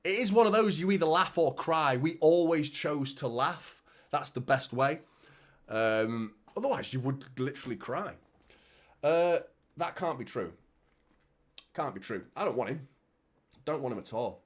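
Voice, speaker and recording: A man's voice: on the high side, lively intonation, measured pace, long pauses. A man with a Manchester accent hosting a live football watchalong, chatting casually, swearing and reading out viewer comments. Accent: Mancunian. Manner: chatty, swears, reads out comments, frequent "mate" and "do you know what I mean". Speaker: fan channel host.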